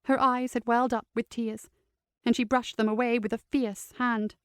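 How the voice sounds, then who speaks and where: A woman reading a novel aloud in steady, scripted narration. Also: on the high side, normal speed, smooth, no room sound, studio quality. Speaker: audiobook narrator.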